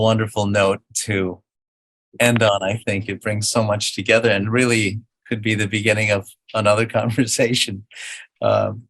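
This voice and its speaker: A male moderator wraps up an online talk with appreciative thanks before a handoff. His voice sits fairly low, with occasional fillers. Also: a bit bright.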